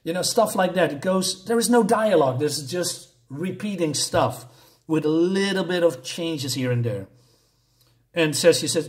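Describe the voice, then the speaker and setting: A man's voice: a little high, lively intonation, moderate pace. A man reviewing a comic book in casual talk, exasperated and sarcastic as he mocks the writing. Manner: exasperated and sarcastic, mocking the dialogue.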